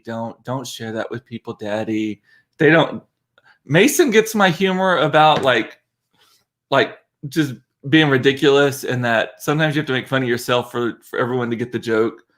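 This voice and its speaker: A man's voice: medium pitch, normal speed, a bit bright. Giggly man chatting on a livestream. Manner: giggly, chatty, laughing at himself. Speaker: livestream host, father. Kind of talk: casual livestream chat. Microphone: computer mic.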